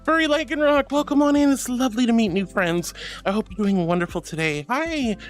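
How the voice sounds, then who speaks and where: A woman's voice: a little high, lively intonation, fairly quick, soft background music. A young woman streaming casually, reading chat aloud and calling viewers sweetie and darling, with frequent giggles in her talk.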